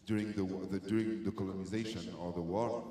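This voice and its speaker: Halting French man in an echoey hall. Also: low voice, steady tone, dark tone. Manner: halting, many restarts and fillers. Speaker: film director. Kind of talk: interview answers about casting. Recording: echoey hall with long reverb.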